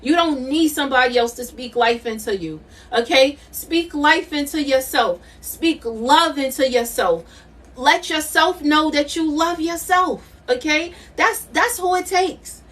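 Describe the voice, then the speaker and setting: A woman's voice: sits high, a little slow, a bit bright, distant mic. A middle-aged woman doing a live tarot reading, emphatic and repetitive, laughing often. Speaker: intuitive tarot reader.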